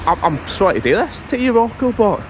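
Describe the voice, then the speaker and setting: A man's voice: high-pitched, big pitch swings, fairly quick, background noise, voice pushed up. A Scottish man voicing a sheepish, evasive homeless man within his comic story.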